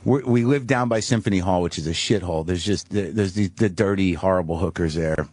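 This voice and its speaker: A man's voice: deep voice, fairly quick, darkish tone, no echo. A middle-aged man who is a guest comedian, telling a rambling, self-deprecating story in a radio studio, full of restarts. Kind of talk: casual storytelling. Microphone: studio microphone.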